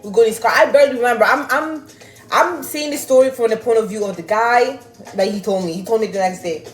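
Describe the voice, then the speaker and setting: A young woman chats to her viewers, animated and laughing. Her voice sits a little high. The sound is roomy, with faint music behind her. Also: fast talker. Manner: animated, swearing, laughing, reading chat aloud. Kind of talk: casual storytelling to viewers.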